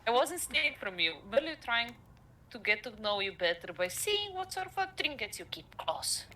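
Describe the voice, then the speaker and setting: A woman's voice: on the high side, big pitch swings, normal speed, pushed and bright, a little hiss or hum, pitched above the performer's own voice. A woman voicing a blunt, lonely huntress in a put-on Russian accent. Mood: gruff. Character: big lonely female huntress, blunt and suspicious.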